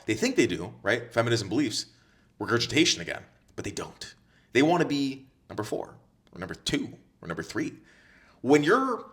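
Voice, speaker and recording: Speaking straight to the camera, a man coaches other men on dating, blunt and heavily profane, repeating his points to hammer them in. His voice is mid-range with a fairly bright tone.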